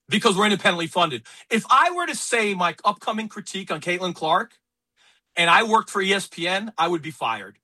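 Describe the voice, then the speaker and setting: A man hosting a talk radio show, speaking in an emphatic, opinionated way about sports and politics. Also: on the high side. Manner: animated, emphatic, quick asides. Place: radio studio.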